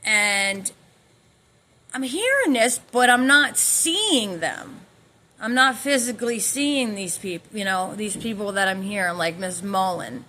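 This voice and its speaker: A woman speaks in a rambling personal account, circling back with fillers and restarts. Her voice has a sharp, tense brightness, and her pitch sits mid-range for a woman. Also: expressive, slow pace. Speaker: vlogger telling her own story.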